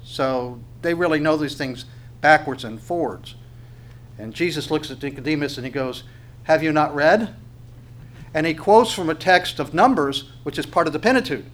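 A man's voice: a little high, lively intonation, normal speed, fairly bright tone. A man giving a conversational sermon, asking the listeners questions along the way. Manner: conversational, with rhetorical questions and tag questions. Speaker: preacher.

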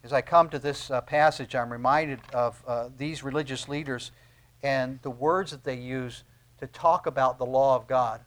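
A middle-aged man preaching a sermon, dropping to quiet, low asides and then rising to loud, emphatic peaks. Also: fairly even intonation, normal speed. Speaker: pastor.

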